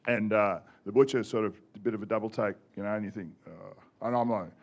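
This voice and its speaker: A man's voice: fairly low pitch, steady tone, fairly quick. A man in his forties with an Australian accent, a former rugby player telling self-mocking stories on a podcast and laughing as he goes. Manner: laughing, self-mocking anecdotes, swears freely. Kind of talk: casual storytelling on a podcast.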